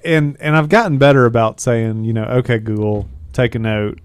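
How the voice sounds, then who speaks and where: A man's voice: mid-range voice, moderate pace, clear, resonant tone, no room sound. Dry-voiced man on talk radio. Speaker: co-host. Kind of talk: casual radio chat.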